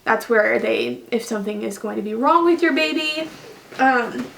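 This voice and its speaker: A young woman tells her year's story to the camera in a loose, rambling way, with ums and little self-corrections. Her voice sits slightly high for a woman. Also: normal speed, gravelly, a bit bright, a little hiss or hum. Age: young adult. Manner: chatty, rambling, many fillers and restarts. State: tearful at times. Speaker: vlogger.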